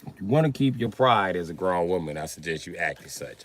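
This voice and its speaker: A man's voice: deep voice, lively intonation, fairly quick, fairly bright tone. A man doing a profane, mocking comedy rant on a live stream, often laughing as he talks.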